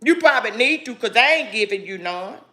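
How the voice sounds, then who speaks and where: A woman's voice: on the high side, expressive, brisk, sharp tone. Defiant, grieving woman vlogging. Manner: defiant and preachy, keeps calling listeners "baby"; grieving and angry. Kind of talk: emotional direct-to-camera monologue.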